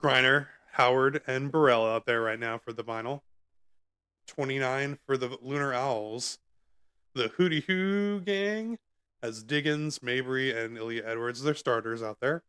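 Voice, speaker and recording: A man hosting a live stream from home, giving casual play-by-play commentary in a relaxed, chatty way with frequent asides and fillers, speaking close to his microphone. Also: medium pitch, normal speed, smooth. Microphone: close microphone in front of his face.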